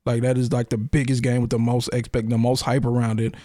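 A man's voice: mid-range voice, monotone, fairly quick, warm tone, dry recording, studio quality. A man co-hosting a podcast, arguing his points bluntly and insistently in casual chat about a game. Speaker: podcast co-host.

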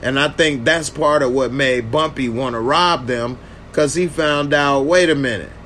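A man loosely reviews a TV episode in a casual reaction video, responding to viewer comments as he goes. His mid-range voice has a sharp tone and a measured pace, and there's slight background noise.

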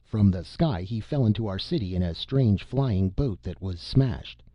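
Storybook alien read by a man: tall, eager green man, stilted earnest speech, low pitch, dull dry sound. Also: lively intonation, a little slow, dry recording.

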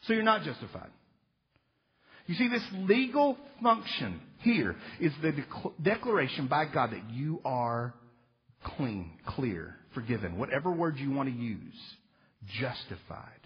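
A man preaching a sermon in an animated, joking, emphatic way, now and then acting out little voices. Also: mid-range voice, unhurried, slightly rough. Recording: reverberant hall, dull lo-fi sound.

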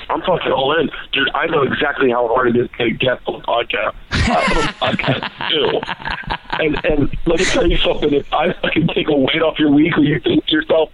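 A man telling stories in casual chat as a podcast guest, rambling, excitable and full of swearing. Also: a little high. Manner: profane, rambling, excitable storytelling. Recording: tinny phone-line sound.

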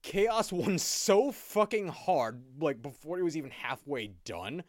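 A man's voice: fairly high pitch, measured pace, no room sound, clean studio sound. A man co-hosting a podcast in casual chat, swearing freely and laughing often as he talks. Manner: profane, animated, laughs often. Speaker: podcast co-host.

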